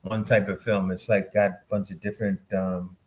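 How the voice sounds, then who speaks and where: Easygoing man, lower voice. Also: little pitch movement, moderate pace, a little mellow. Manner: laughs often, loose and easygoing. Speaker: filmmaker guest. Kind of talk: casual interview chat.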